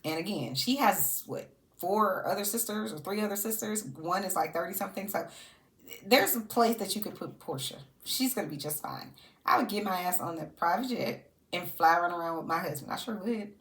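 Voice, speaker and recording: A sassy woman gives casual reaction commentary on reality TV. Her low-pitched voice swings widely and animatedly, and she breaks into laughter often. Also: animated, normal speed, fairly bright tone.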